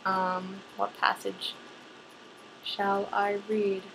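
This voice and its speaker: A woman's voice: mid-range voice, completely flat delivery, drawn-out words, vocal fry, fairly bright tone, a little hiss or hum, low-quality recording. A young woman from North America with a plain American accent, chatting casually and rambling in a voice meme vlog. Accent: General American. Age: young adult. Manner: chatty, rambling, self-mocking, swears casually. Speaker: vlogger.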